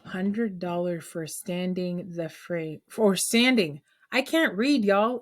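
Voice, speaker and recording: A woman's voice: fairly low pitch, takes it slowly. A woman teaching a math lesson to her class, explaining a problem step by step in a chatty way and often checking that students follow.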